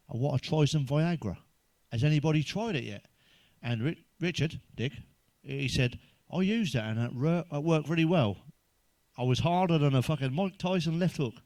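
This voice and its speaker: A man's voice: a little high, no room sound. A man telling crude stand-up jokes, swearing constantly and laughing at his own punchlines. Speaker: stand-up comedian.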